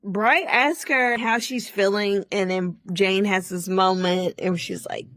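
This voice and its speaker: A woman's voice: medium pitch, fairly even intonation, slow pace, a bit bright. A woman hosting a podcast, giving a chatty, opinionated solo review with lots of asides and restarts. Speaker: podcast host reviewing a TV show. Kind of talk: casual solo review chat.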